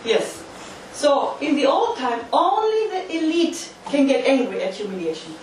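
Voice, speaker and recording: Woman, lecturer, emphatic and animated, high voice, distant mic, very echoey hall. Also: moderate pace. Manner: emphatic, uses volunteer demonstrations. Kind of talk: interactive lecture. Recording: echoey hall from far off, faint noise.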